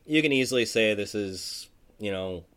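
Man, low voice, casual sports podcast co-host, rambling, lots of fillers. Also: lively intonation, normal speed, fairly bright tone, smooth. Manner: rambling, many fillers and restarts.

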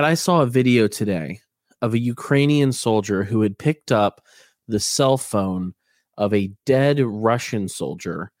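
A man co-hosting a casual podcast, telling stories with animated indignation. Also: fairly low pitch, no room sound, studio quality. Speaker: co-host.

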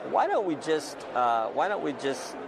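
A man giving quick, halting outdoor remarks as a politician, in a clip played on air. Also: a little high, sing-song, gravelly. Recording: clip with outdoor traffic noise.

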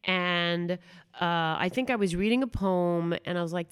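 A woman's voice: fairly low pitch, normal speed, crowd noise. A middle-aged woman guest on a podcast, telling rambling anecdotes in casual chat, with lots of fillers and restarts. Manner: chatty anecdotal storyteller, many fillers and restarts.

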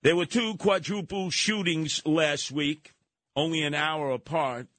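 A man's voice: on the high side, fairly even intonation, unhurried, a bit bright, no room sound. Brash New talk radio man. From New York City. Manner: combative, sarcastic, acts out quoted voices. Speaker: radio talk show host.

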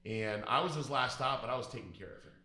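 A man's voice: mid-range voice, fast, bright, forceful tone, slight background noise. A man telling a personal story in a casual, blunt, profane and emphatic way. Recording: echoey room.

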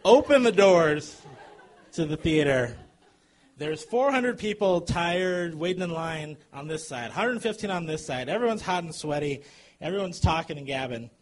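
A man telling a comic true story to a live audience, animated and chuckling as he goes. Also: fairly high pitch, moderate pace.

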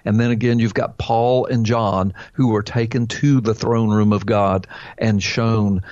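A man's voice: fairly low pitch, steady tone, measured pace, a little mellow, no room sound, muffled recording. A man hosting a call-in show as a pastor, preaching emphatically, quoting scripture and asking rhetorical questions. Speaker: pastor answering a caller.

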